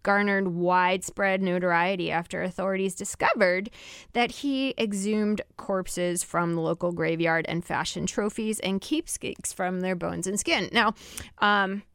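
A woman hosting a call-in radio show, chatty and quick to laugh. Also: medium pitch, fairly bright tone, clean tone, no echo, clean studio sound.

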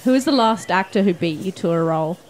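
A woman narrating as game master of a tabletop role-playing game, playful and quick to laugh. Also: fairly low pitch, lively intonation, a little mellow.

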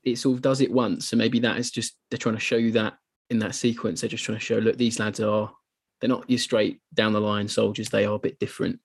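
Brief: man, podcast co-host, husky voice, eager and animated. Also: lowish voice, brisk. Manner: enthusiastic, animated when retelling scenes. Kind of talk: casual podcast chat.

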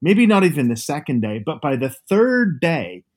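A man in his fifties from Northern Ireland with a softened Northern Irish accent, chatting as a guest author over a video call and telling lively, animated stories. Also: fairly high pitch, moderate pace. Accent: Northern Irish, softened by years abroad. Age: 50s. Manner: animated storyteller, lively asides.

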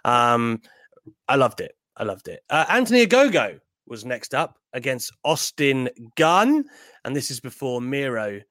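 A man co-hosting a casual wrestling chat, animated and jokey, with bursts of mock indignation. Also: medium pitch, unhurried, no echo. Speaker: podcast co-host.

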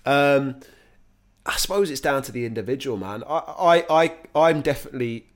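A man chatting as a podcast guest, easygoing and informal. He talks in fits and starts, circling back and repeating words before landing a point, with slang sprinkled through. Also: mid-range voice. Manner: halting, many restarts, slangy. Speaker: actor guest. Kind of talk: casual podcast chat.

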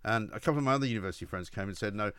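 A man hosting a radio talk show, chatting and telling stories in a brisk, conversational way. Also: fairly low pitch, expressive, fairly bright tone, clear, resonant tone, dry recording. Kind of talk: casual radio chat.

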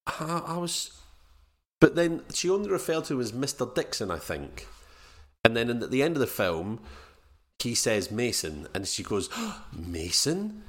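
A man's voice: mid-range voice, sing-song, moderate pace. A man co-hosting a casual film review podcast, rambling and retelling scenes in quoted voices. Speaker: podcast co-host.

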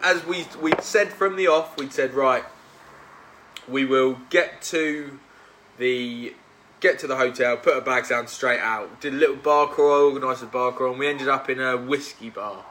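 Bright-voiced man telling pub stories. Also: medium pitch, normal speed, slight background noise. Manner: chatty storyteller, acts out quotes. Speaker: podcast host. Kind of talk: casual chat with mates.

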